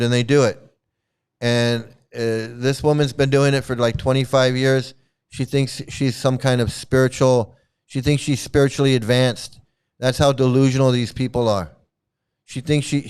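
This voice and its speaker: A man's voice: medium pitch, clean tone. Mocking man ranting on his channel. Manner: mocking, repetitive, profane. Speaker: commentary channel host. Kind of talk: ranting commentary.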